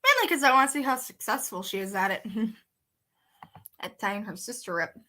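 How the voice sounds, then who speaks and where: A woman's voice: fairly high pitch, expressive, moderate pace, bright, forceful tone. A woman reading a fan story aloud with playful, giggly chatty asides. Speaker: let's-play creator.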